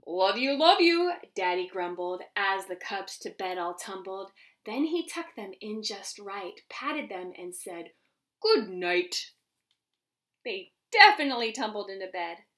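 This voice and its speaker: A woman who teaches in a children's ministry reads a picture book aloud to young kids, gentle and animated, pausing to chat with them about the pictures. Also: medium pitch, distant mic.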